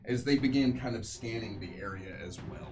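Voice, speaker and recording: A man narrating as game master of a tabletop game, with a relaxed delivery full of fillers. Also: medium pitch, fairly quick, recorded from a distance. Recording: music bed, voice from off mic.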